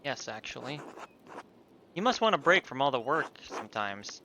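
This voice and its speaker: A man's voice: medium pitch, sing-song, normal speed, vocal fry, bright, forceful tone, a little hiss or hum, full character voice. A man voicing a stern painter interrogating suspects, firm and pressing.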